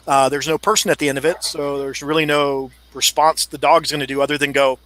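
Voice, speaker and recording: A dog-handling expert appears as a guest on a casual podcast, explaining things at length and acting out in quotes what a dog would think. His voice is on the high side, steady and a bit bright, fairly quick with few pauses. The audio is dry and poor.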